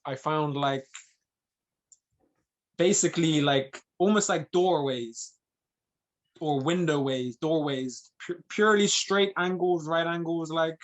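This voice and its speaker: A man hosts a laid-back podcast conversation, musing slowly and pausing often with fillers. His voice sits a little high. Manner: relaxed, hesitant, many fillers. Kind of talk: casual interview chat.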